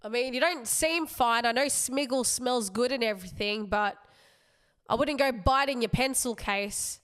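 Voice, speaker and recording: A young woman, a comedian hosting her podcast, telling a story in a rambling, animated way with self-aware asides. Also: on the high side, moderate pace. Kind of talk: casual comic storytelling.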